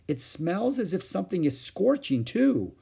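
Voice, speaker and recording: A tired mother speaks calmly and firmly to her daughters, as a man reading a storybook puts her on. The voice is husky and lively in pitch. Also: unhurried, heavily acted. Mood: weary. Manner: calm, weary and firm. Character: tired, patient mother of two girls.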